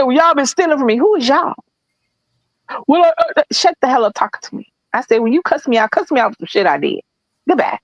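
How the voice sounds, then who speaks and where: A blunt, animated woman co-host telling a story in casual chat, swearing freely. Her voice sits a little high, and the sound is dry and close. She delivers it with loud, easy confidence. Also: no room sound, low-quality recording. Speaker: podcast co-host.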